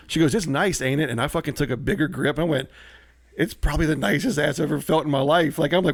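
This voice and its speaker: A man telling a story on a casual podcast. He acts out quotes with animated swings of voice. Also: fairly high pitch, fast talker, gravelly, dry recording. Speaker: comedian guest.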